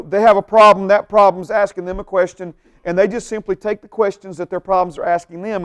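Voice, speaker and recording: Man, pastor, sermon, emphatic, fairly high-pitched, repeats himself. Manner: emphatic, repeats words, asks the audience questions.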